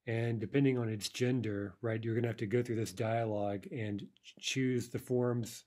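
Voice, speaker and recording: A man gives a recorded language lesson in a relaxed, warm voice. He explains each example patiently and often pauses to ask "right?" before moving on. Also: mid-range voice. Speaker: language teacher.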